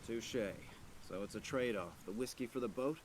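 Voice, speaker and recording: A man's voice: medium pitch, normal speed, crowd noise, close to an everyday voice. An actor playing a dry, sarcastic young male adventurer in a game. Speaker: game protagonist.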